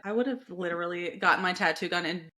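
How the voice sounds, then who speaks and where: A woman co-hosting a casual podcast, chiming in with quick joking interjections. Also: fairly low pitch, bright, forceful tone. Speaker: podcast co-host. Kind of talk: casual chat.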